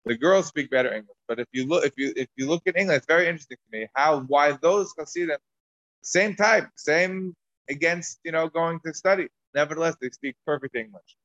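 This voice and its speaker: Male Talmud teacher, slightly high voice, discursive, dull dry lo-fi recording. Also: a little fast, a bit bright, no room sound. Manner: discursive, rambling with many restarts and asides. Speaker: Torah class teacher. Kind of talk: Talmud lesson lecture.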